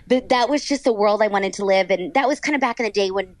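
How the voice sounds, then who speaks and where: A woman's voice: medium pitch, quick pace. A woman from Texas, a voice actor chatting in an interview, bubbly and gushing, with lots of "like". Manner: bubbly, gushing, heavy use of "like". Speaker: voice actor guest. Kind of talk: casual interview chat.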